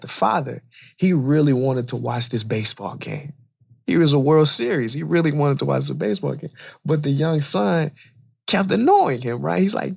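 A man who is an inspirational speaker, a guest on a podcast, telling a story in animated conversation and repeating phrases for emphasis. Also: medium pitch, vocal fry, slightly rough.

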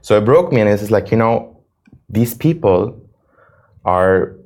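A man's voice: lowish voice, expressive, measured pace, darkish tone. A young man from the United States, answering interview questions earnestly and emotionally, often repeating himself. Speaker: reality show cast member, guest.

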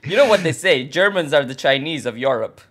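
A man co-hosting a comedy podcast, telling deadpan jokes and teasing his partner. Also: a little high, brisk. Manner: deadpan joke-teller, teasing. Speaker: podcast co-host. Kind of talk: casual comedic chat.

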